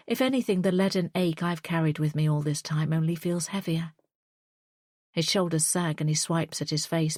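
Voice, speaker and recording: A woman narrates a suspense audiobook in a tense, measured way. Her voice is low and sits right on a close mic. The recording is dry, with no room sound. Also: darkish tone, dry recording. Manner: tense, measured first-person storytelling.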